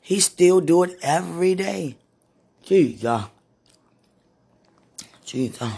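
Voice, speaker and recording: A woman with a hoarse, husky voice, worn from preaching and crying, talking casually to God in a prayerful monologue and calling out to him between sentences. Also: lowish voice, expressive, slow, dark tone. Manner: talks to God aloud, breaks into moans and exclamations. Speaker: street preacher.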